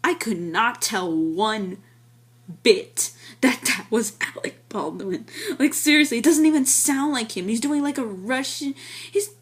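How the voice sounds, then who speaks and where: A woman's voice: a little high, a little slow. Rambling woman reviewing a film. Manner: rambling, with many fillers and restarts; enthusiastic. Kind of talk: casual spoken film review.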